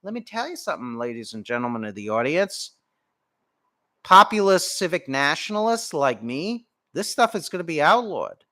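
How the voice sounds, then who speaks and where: A man's voice: on the high side, very animated, moderate pace, pushed and bright. A man hosting a political commentary show, delivering an indignant, profanity-laced rant. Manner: indignant, swearing, emphatic.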